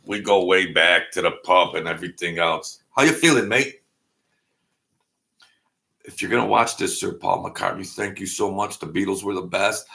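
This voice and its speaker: The deep, gravelly voice of a YouTube host stays fairly flat in pitch as he moves at a moderate pace, barely pausing, sounding pushed and bright. It's a rambling vlog monologue, peppered with jokes and digs at himself.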